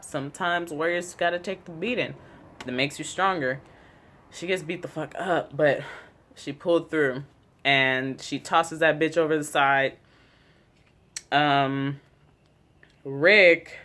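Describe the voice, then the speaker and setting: An excitable fan vlogger recaps a TV episode, talking loosely and swearing freely. The voice sits at a middling pitch. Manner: chatty, profane, excitable.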